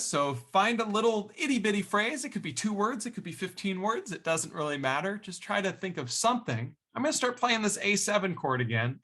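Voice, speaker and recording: A man's voice: high-pitched, sharp tone. A man teaching an online ukulele lesson in an upbeat, encouraging and chatty way.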